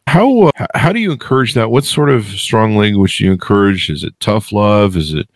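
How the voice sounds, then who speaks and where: A man with a very deep voice hosts a podcast interview in a loose, joking way. He needles his guest with playful provocations. The recording is dry and close. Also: animated, fairly quick, no room sound. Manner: joking, teasing. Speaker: podcast host. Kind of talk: casual interview chat.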